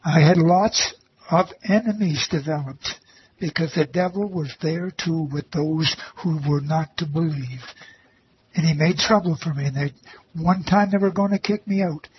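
Earnest high-voiced man giving a testimony. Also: moderate pace, slight background noise. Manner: earnest and reverent, repeats phrases for emphasis. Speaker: volunteer who read the Bible to elderly residents. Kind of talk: personal faith testimony, told as a story. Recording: slightly dull lo-fi recording with faint ambience.

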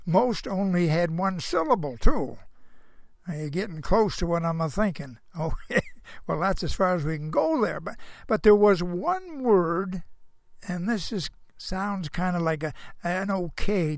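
A man's voice: sits high, creaky, no room sound, clean studio sound. An older man giving a folksy Christian moral monologue. He rambles, chuckles to himself, and keeps asking the listener rhetorical questions. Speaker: storyteller.

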